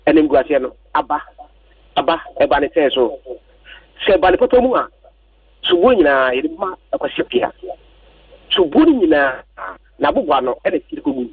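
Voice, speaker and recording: A man's voice: on the high side, big pitch swings, brisk, long pauses, slightly rough, dry recording. A man calling a radio sports show, ranting agitatedly about the national coach. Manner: agitated, repetitive complaining. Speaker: caller. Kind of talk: heated phone-in rant. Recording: tinny phone line, distant.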